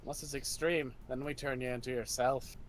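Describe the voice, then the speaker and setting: A man's voice: medium pitch, fairly even intonation, brisk, slight background noise. A man running a tabletop role-playing game, narrating and speaking for the characters. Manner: plays a scolding old witch in character. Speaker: game master.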